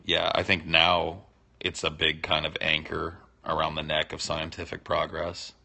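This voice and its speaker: Male stream host, deep and gravelly; loose, teasing, profane chatter. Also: completely flat delivery, a little slow, pushed and bright. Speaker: livestream host answering chat. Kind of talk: casual unscripted chat.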